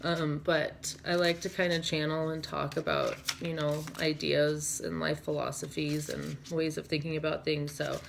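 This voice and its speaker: Young woman, low-pitched, casual tarot reading, dreamy rambling talk, faint hiss. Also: level tone, moderate pace, creaky, hardly any pauses. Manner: dreamy, rambling, full of "like" and "you know". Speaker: tarot reader.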